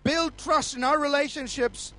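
A man's voice: very high voice, fairly even intonation, moderate pace, sharp tone. A middle-aged man, a pastor preaching a sermon emphatically and calling out to his audience.

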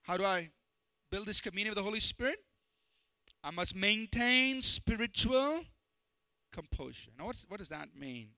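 A man preaching a sermon as pastor, animated and telling stories with self-deprecating humor. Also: high voice, moderate pace, long pauses, no room sound, rough recording.

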